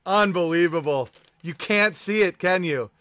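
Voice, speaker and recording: A young adult man hosts a podcast in a profane, mocking rant. His voice sits high and cuts through bright and tense. The sound is close and dry, with no room around it. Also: lively intonation, moderate pace, no room sound. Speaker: podcast host. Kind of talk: comedic political rant.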